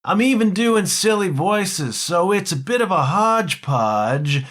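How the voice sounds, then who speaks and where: Middle-aged guy hosting a podcast, jokey and self-mocking, slow and lively pitch. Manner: playful, self-mocking, theatrical. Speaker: podcast host. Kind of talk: solo podcast monologue.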